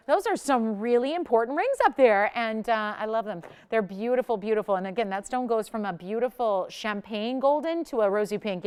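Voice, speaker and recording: A woman's voice: on the high side, smooth. A woman hosting a live jewelry shopping show, chatty and enthusiastic, laughing often as she sells.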